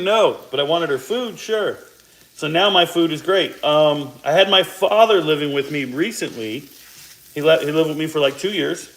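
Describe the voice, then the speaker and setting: A man's voice: a little high, fairly bright tone, low-quality recording. A man in his forties chatting casually to viewers while he cooks, rambling through asides, with a slight cough from a sore throat. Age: 40s. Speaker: cooking vlogger. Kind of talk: casual cooking chat to viewers. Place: home kitchen, cooking at the stove. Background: faint sizzle of frying food.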